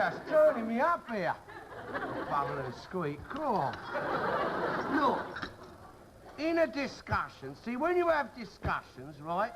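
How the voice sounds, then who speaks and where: A blustering loudmouth. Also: male voice, high-pitched, background noise. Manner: grumbling, hectoring, bursts into shouting. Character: blustering loudmouth working-class London husband, bossy and cantankerous. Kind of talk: 1960s television sitcom acting.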